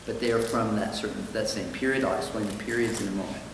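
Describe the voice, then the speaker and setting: A man's voice: lowish voice, steady tone, fast, background noise. A man teaching a synagogue study class, explaining texts in a conversational way with ums. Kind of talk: lecture with storytelling. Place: synagogue hall. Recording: echoey hall with long reverb.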